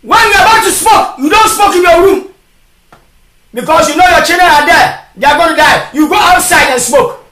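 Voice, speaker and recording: A preacher delivering a shouted sermon, firing off repeated rhetorical questions. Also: sits high, normal speed, a little hiss or hum. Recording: echoey, from far off.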